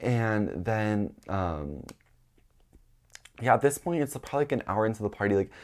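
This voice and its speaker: Chatty young man telling a story. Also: normal speed. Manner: chatty, heavy use of "like", acts out quotes in high excited voices. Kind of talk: casual storytime chat.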